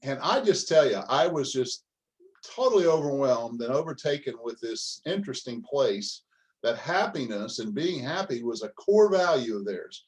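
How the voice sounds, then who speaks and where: A man's voice: mid-range voice, very animated, moderate pace, rough recording. An older man, a business coach, telling a story in a folksy, humorous way during a motivational talk.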